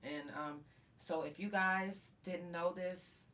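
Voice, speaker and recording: A woman podcast host telling a story in a profane, animated way and acting out the quotes. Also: on the low side, slow, distant mic. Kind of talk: casual storytelling.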